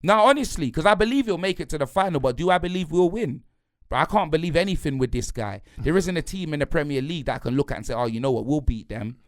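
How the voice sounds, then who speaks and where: A man's voice: a little high, lively intonation, fast talker, no echo. Brief: angry man mid-rant, slangy and repetitive, dry close sound. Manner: heated, slangy, repetitive, punctuates lines with "blood" and "fam". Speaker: football fan pundit.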